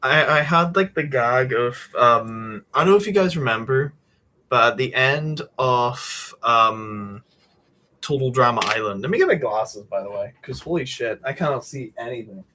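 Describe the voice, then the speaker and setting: A man's voice: mid-range voice, expressive, moderate pace, bright, forceful tone. Young man rambling while drawing. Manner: meandering, swears casually, many fillers. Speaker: streamer drawing a comic.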